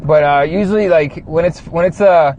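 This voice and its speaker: A man's voice: on the high side, moderate pace, a little mellow, lo-fi sound, a little hiss or hum. A man hosting a show from a car, ranting casually with lots of swearing, rambling and reading chat comments aloud. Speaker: show host. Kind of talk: casual profane rant.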